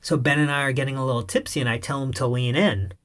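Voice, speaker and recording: An irreverent male narrator tells a scripted comic story in the first person. His delivery is wry and cheeky, and his voice sits at a mid pitch. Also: fast, fairly bright tone.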